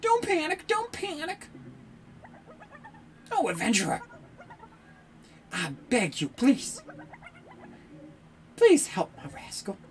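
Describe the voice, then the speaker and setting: A woman voicing a worried village mother who pleads for help in a high, fretful voice. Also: wildly swooping pitch, takes it slowly, long pauses, a little hiss or hum, heavily acted. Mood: pleading.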